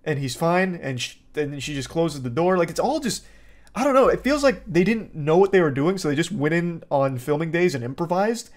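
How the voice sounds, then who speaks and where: A man's voice: on the high side, animated, fairly quick. A man hosting a movie review, talking sarcastically and rambling with many fillers. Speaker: host.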